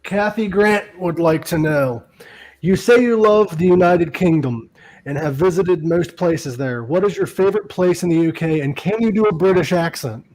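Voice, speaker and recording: A man's voice: on the high side, moderate pace, darkish tone, low-quality recording. A man hosting a podcast in a casual chat, laughing often and swearing loosely while reading fan questions. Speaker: podcast host.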